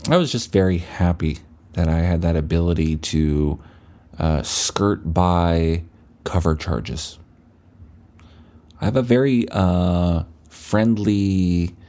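Young man, podcast host, low voice, mellow tone, rambling profane storytelling. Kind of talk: casual solo monologue.

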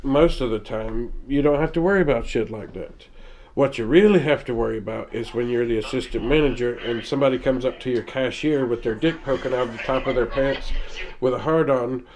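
A man's voice: mid-range voice, fairly quick, darkish tone. A man, telling crude retail stories in casual podcast chat. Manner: blunt, crude storytelling about retail work. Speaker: podcast co-host.

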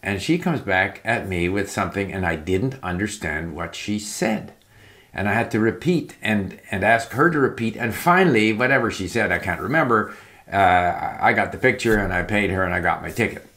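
A man with a fairly low voice talks through his advice in a loose, conversational way. He rambles, restarts sentences, and leans on "uh" and "you know" as he goes. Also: animated, normal speed, pushed and bright. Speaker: language learning talker. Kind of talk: casual spoken advice monologue. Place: home in Palm Springs.

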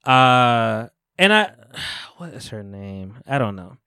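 A man's voice: mid-range voice, takes it slowly, smooth, no room sound, studio quality. A man hosting a podcast, recapping a reality show in casual chat and acting out the people in it. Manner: animated storytelling with laughs and playful voices. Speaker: podcast host.

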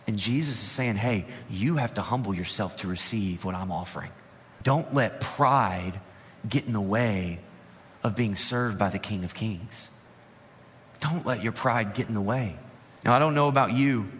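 A man preaching a sermon as a pastor, conversational, slowing with dramatic pauses on key words. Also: mid-range voice, fairly bright tone. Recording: long reverb in a large hall.

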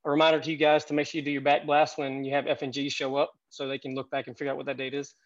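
A man's voice: mid-range voice, monotone, racing, highs cut off. A man in his thirties telling stories as a podcast guest, chatty and rambling with lots of fillers. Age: 30s. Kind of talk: casual podcast storytelling.

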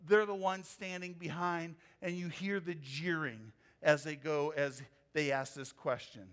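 A man preaching from the pulpit as pastor, his voice sitting high for a man. He delivers the sermon with emphatic swings, climbing in pitch and volume to press a point, then dropping low and quiet. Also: steady tone, a little slow.

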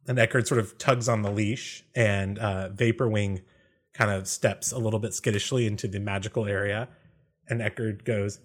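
A man narrating as game master of a tabletop game, laughing often and filling pauses with "uh" and "um". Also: on the low side, fairly even intonation. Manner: laughs often, many fillers.

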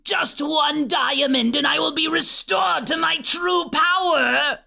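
Voice actor as an ancient chaos witch, gravelly, slow and drawn out, eerie whispery rasp. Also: sits high, pushed and bright, exaggerated voice. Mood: shrieking. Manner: drawn-out, theatrical, swooping delivery. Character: ancient chaos witch trapped in a cup, scheming. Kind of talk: audiobook character voice.

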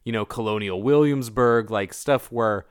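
A man in casual podcast chat, telling animated stories about a film. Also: fairly low pitch, normal speed, clean tone, dry recording, clean studio sound. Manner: animated storyteller, mimics voices in anecdotes.

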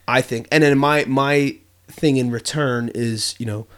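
A man's voice: mid-range voice, fairly even intonation, measured pace, fairly bright tone, clear, resonant tone. A young man co-hosting a podcast, talking earnestly in a casual, reflective way with lots of fillers and restarts. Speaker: podcast co-host.

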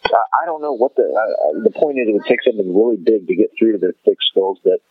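A man's voice: lowish voice, lively intonation, fast talker, slightly rough, no echo. A man in casual political podcast chat, exasperated and sarcastic, swearing freely. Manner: exasperated, sarcastic, profane, mocking voices. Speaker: podcast co-host. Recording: tinny phone-like line.

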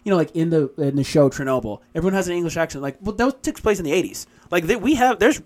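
Man, podcast co-host, casual chat, rambling, filler-heavy, profane, slightly high pitch. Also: lively intonation, fast, a little mellow. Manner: rambling with many fillers, swears.

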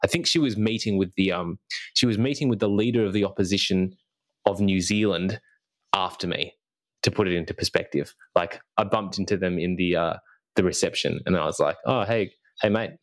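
A man's voice: sits low, brisk. A young man chatting casually on a podcast, recounting a school visit with lots of restarts and acted-out snippets of dialogue. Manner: rambling with frequent restarts and self-corrections; acts out remembered dialogue. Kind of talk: casual chat.

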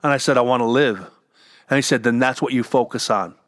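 A man's voice: mid-range voice, brisk, a bit bright, no room sound, studio quality. A middle-aged man talking candidly at home about getting through illness, earnest and often repeating words as he goes. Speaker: cancer survivor and entrepreneur sharing advice. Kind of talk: candid personal talk. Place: home with dogs.

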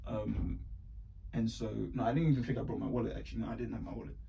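A young man, casually telling stories in an animated, slangy way and acting out what people said. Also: mid-range voice, fast talker, creaky. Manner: animated, slangy, acts out voices in anecdotes. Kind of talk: casual chat, storytelling. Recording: distant mic with faint ambient noise.

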